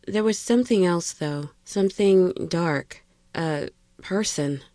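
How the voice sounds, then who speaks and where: A woman's voice: fairly low pitch, takes it slowly, dark tone, dry recording, clean studio sound. A woman voicing a frightened, grieving young wife who pleads tensely and breaks into screams. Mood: fearful.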